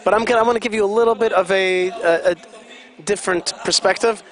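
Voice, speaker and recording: A high-voiced man gives chatty live commentary at an event. He keeps explaining what is going on and quizzes his listeners. Vehicle noise can be heard outside behind him. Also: fairly even intonation, fast, fairly bright tone. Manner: chatty, explaining, asks the audience questions.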